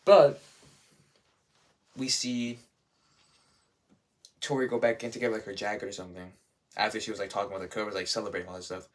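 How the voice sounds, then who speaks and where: Excitable young-sounding man rambling casually. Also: fairly low pitch, fairly quick, long pauses. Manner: enthusiastic, rambling, heavy use of "like", "dude" and "bro". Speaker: reviewer.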